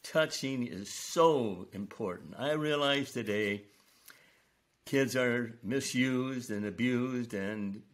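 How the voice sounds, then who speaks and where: An older man, a retired school principal, telling stories from his career in an earnest, unhurried way during an interview. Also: medium pitch. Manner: slow, earnest storytelling with quoted dialogue. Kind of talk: storytelling interview.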